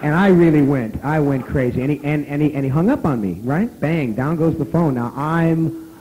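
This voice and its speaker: Animated, foul-mouthed male storyteller. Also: on the high side, measured pace, rough recording. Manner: animated, profane, bursts into loud shouting. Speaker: guest of honor speaker. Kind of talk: live convention storytelling. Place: convention talk before a live audience.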